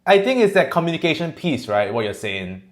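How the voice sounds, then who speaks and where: A man's voice: on the high side, very animated, brisk. A man in his forties hosting a podcast interview, thinking aloud with fillers and restarts. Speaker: podcast host. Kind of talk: casual interview chat.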